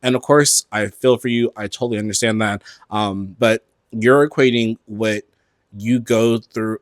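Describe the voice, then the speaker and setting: A man hosting a podcast, talking casually about pop-culture news from home in front of his closet, animated and gossipy, swearing freely and filling his talk with "like" and "um". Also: on the low side, no echo, clean studio sound. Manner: animated, gossipy and profane, with frequent fillers. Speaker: podcast host.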